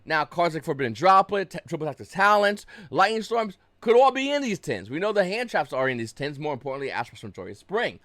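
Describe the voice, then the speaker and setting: A man's voice: fairly high pitch, very animated, a little fast, hardly any pauses, a bit bright, dry recording. A young adult man giving casual market commentary on camera, blunt and profane, flaring up into agitated rants. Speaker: YouTube card game market commentator.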